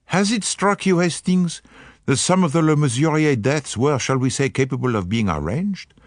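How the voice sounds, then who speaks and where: A man voicing a fastidious, shrewd older detective in an audiobook, speaking formally, precisely and methodically. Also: fairly high pitch, expressive, no echo, studio quality, voice pushed up, close to an everyday voice. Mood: measured.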